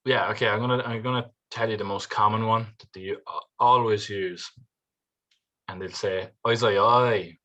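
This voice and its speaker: A man's voice: lowish voice, dull audio. Laughing Irish guy chatting as guest. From Ireland. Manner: animated, laughs often, quick to react. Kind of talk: casual podcast chat.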